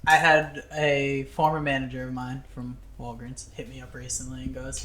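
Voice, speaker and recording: A man's voice: mid-range voice, flat delivery, normal speed, few pauses, sharp tone, reverberant, slight background noise. A young man from telling a funny story on a podcast, laughing often and acting out the voices of the people in it. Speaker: podcast co-host. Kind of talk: casual storytelling chat.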